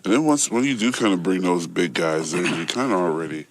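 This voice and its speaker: A man's voice: sits low, expressive, a little fast, slight background noise. A man hosting, chatting casually and summing up his guest's points. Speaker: podcast host. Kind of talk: casual chat.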